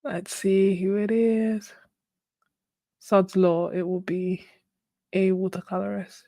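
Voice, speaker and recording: A woman's voice: mid-range voice, level tone, takes it slowly, pauses often, mellow, no room sound, studio quality. A woman hosting a casual art livestream, chatting, laughing often and thinking aloud. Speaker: art channel host.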